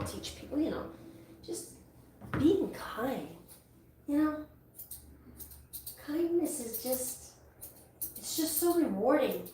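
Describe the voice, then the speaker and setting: A talkative woman grooming dogs, rambling with restarts in a fairly high voice. She sits away from the mic in a very echoey salon, with faint noise behind her. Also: darkish tone, recorded from a distance. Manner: rambling, chatty, full of restarts. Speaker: dog groomer. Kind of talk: casual chat while working.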